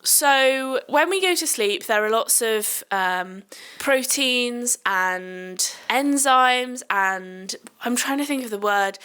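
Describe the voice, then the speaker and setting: A woman's voice: a little high, bright, forceful tone, clean tone. A young woman who works night shifts in medicine, hosting a podcast and chatting in a rambling, self-deprecating way. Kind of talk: casual chat.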